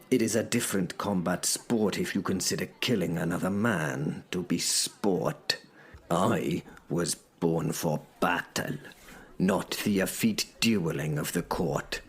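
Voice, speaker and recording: A battle-hardened young knight, put on by a man, speaks in a low, husky voice with formal old-fashioned phrasing. He is blunt and scornful, narrating his own tale in an audio drama. The grit in his voice never lets up. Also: fairly bright tone, full character voice.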